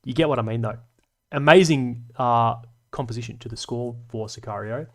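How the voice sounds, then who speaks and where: A man's voice: medium pitch, normal speed, fairly bright tone. A man hosting a casual live stream, reading chat and rambling in a self-deprecating way with lots of fillers.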